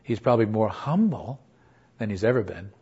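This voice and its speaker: A man's voice: fairly low pitch, animated, moderate pace, a little mellow, slightly rough. A man preaching in an earnest, conversational way, telling a story and acting out what people said. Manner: earnest, conversational, acts out quotes. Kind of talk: storytelling sermon. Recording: dull lo-fi recording.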